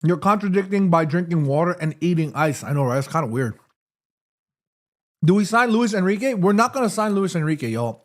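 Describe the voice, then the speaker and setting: Lively, chatty man hosting a stream. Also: fairly high pitch. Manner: chatty, reads chat messages aloud, eats between lines. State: sore throat. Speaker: livestream host. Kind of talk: casual watchalong chat. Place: home room.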